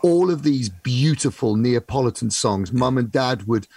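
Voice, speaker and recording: A man, a musician with Italian parents, chatting and telling animated stories. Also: medium pitch, normal speed, creaky, breathy edge. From Britain, to Italian parents. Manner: animated storyteller, acts out family voices. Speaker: musician and singer. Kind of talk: casual chat.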